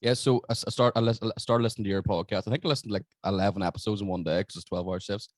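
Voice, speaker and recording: Fast-talking Northern Irish man, low voice. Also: steady tone, no echo. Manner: rapid, sweary, stumbling restarts. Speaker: guest podcaster and stand-up comic. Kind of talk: casual unscripted chat.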